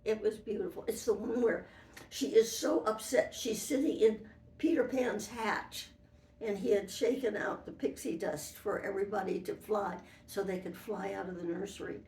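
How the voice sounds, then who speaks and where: A former model for an animated fairy, now an older woman, tells old anecdotes in a rambling interview full of restarts. Her voice is medium-pitched, a little mellow, and moderately paced, captured roomy and far from the mic.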